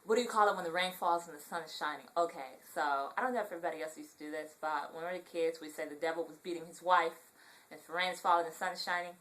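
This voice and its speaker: A young Southern Californian woman vlogs in a relaxed, rambling way, filling her talk with ums. She has a local accent and a congested, nasal voice that sits lowish and moves fast. The recording quality is low.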